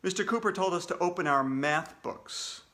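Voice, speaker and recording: A man's voice: high-pitched, lively intonation, normal speed, a bit bright. A man, a children's author, reading his own storybook aloud to kids in a playful way with jokey asides.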